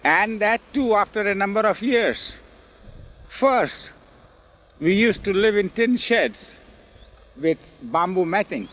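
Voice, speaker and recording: An older man telling memories in an oral history interview, animated and acting out the quoted speech, recorded outdoors on old film. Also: high-pitched, slow pace, pauses often, a little hiss or hum. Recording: dull lo-fi 1970s film audio.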